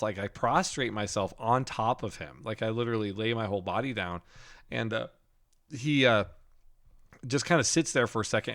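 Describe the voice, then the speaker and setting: A man telling a dream story on a podcast in an animated, casual way, full of "like" fillers. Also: mid-range voice. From Denver area, USA. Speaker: podcast co-host.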